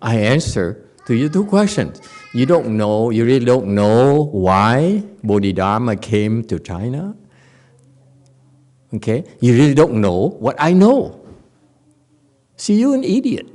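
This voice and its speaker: A man's voice: medium pitch, sing-song, unhurried, darkish tone. A man with a Korean accent giving a dharma talk as a Zen master, playful, telling stories and laughing often.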